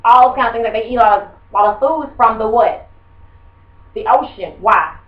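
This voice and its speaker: A woman teacher gives a rambling, conversational classroom lesson and quizzes the class, her voice fairly high and her pace moderate. The recording is muffled, in an echoey room, and picked up from far off.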